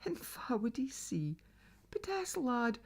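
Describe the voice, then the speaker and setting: Woman, Northeast Scots accent, storyteller, animated pitch, dramatic whispers. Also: takes it slowly, husky. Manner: lively, dramatic, drops to whispers. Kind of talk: traditional folk tale telling.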